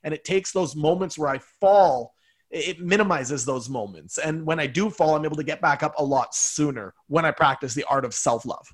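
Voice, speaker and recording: A man's voice: a little high, brisk. A man speaking as a guest in a casual conversation, reflective and earnest.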